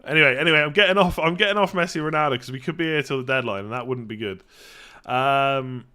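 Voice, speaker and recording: A man hosting a casual live-stream Q&A, chatty and self-correcting, often clearing his throat. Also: mid-range voice, fast, sharp tone. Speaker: fantasy football streamer.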